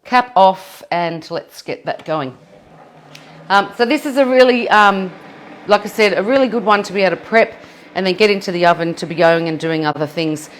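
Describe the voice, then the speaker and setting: A woman's voice: mid-range voice, normal speed, slight background noise. A woman with an Australian accent leading a live cooking demonstration in a kitchen, chatty and self-deprecating. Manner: chatty and self-deprecating, laughs at her own mess. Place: home kitchen.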